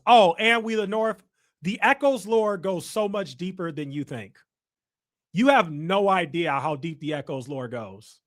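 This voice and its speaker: A man's voice: sits high, a bit bright. A young man from Chicago hosting a casual livestream, reading comments and teasing his viewers playfully. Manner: teasing, playful trash talk to chat. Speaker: livestream host.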